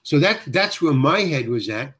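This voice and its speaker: A man's voice: a little high, very animated, moderate pace, a bit bright, slightly rough. An older man, a guest actor, telling a long anecdote in conversation. He often restarts and corrects himself as he talks. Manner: rambling, self-correcting storyteller with frequent restarts.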